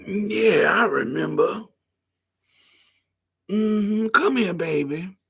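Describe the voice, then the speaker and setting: A woman putting on a shrill, scolding old lady. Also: fairly bright tone, exaggerated voice. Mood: crooning. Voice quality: raspy smoker's voice aimed for. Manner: drawn-out, scolding, crowing delivery. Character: loud, bragging, insufferable old woman scolding the young.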